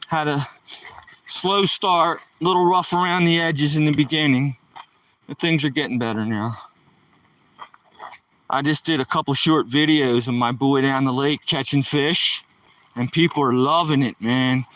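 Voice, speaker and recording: A man's voice: a little high, a little slow, long pauses, fairly bright tone, no echo, far from the mic, rough recording. A man live streaming while walking outdoors, chatting nonstop in a hyper, joking way with viewers. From East Coast of the United States. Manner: hyper, talkative, jokey. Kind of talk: casual live-stream chat.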